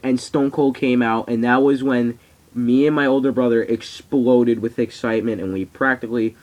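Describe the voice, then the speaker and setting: A teenage boy in a casual vlog, rambling excitably and swearing freely. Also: medium pitch, normal speed, poor audio. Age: teens. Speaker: vlogger. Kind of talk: casual wrestling reaction vlog. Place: at home on camera.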